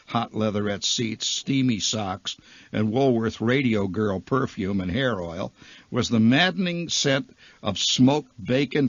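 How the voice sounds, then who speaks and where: A man telling a comic story as a radio storyteller, animated, swinging between loud flourishes and hushed asides. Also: medium pitch, husky, dry recording. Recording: dull lo-fi archival radio recording.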